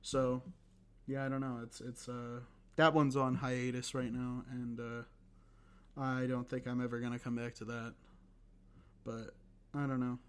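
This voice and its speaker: A hoarse young man hosting a casual solo podcast, rambling and self-deprecating with lots of fillers and restarts. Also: medium pitch, monotone, measured pace, long pauses. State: hoarse, recovering voice. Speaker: podcast host.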